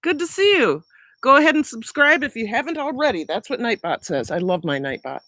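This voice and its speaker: A woman's voice: a little high, big pitch swings, fairly quick, fairly bright tone, dry recording, rough recording. A woman chatting casually on a live stream while walking around outside, recovering from a sore throat, greeting viewers by name. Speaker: vlog host on a livestream. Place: outdoors around a house in summer.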